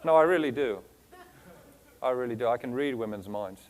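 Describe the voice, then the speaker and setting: Speaking at a normal speed with a medium pitch and lively intonation, a man with a foreign accent delivers a motivational keynote from a stage to a live audience; there's a little hiss or hum. He rattles off rhetorical questions and lists of words, teasing the crowd playfully.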